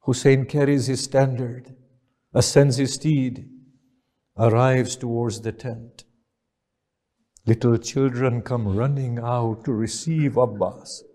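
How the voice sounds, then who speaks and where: Slow, solemn male preacher. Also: mid-range voice, dark tone. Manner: solemn, rising into lament. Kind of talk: mournful sermon narration.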